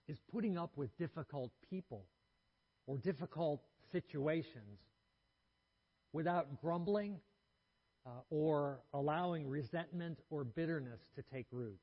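A man giving a sermon in a measured, earnest way, letting his phrases trail off softly, with small restarts. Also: on the high side, breathy edge, dull audio. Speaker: preacher.

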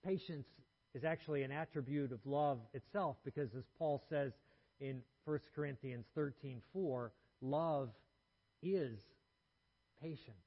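A man giving a sermon in a measured, earnest way, letting his phrases trail off softly, with small restarts. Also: medium pitch, dull audio. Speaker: preacher.

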